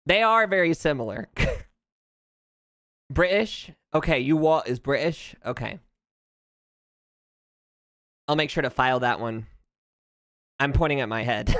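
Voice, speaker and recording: A streamer from the United States rants and jokes through casual gameplay chat. Pitch leaps up and down, and the voice stays smooth and clear. The sound is dry and close on a streaming mic. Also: slow, long pauses, no echo. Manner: animated, jokey, ranting, laughs often. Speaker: VTuber streamer.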